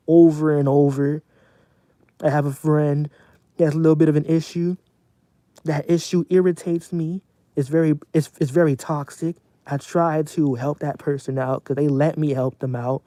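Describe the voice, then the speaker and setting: A man's voice: on the high side, dark tone, no echo. Man venting profanely on a livestream. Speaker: streamer. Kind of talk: casual livestream rant.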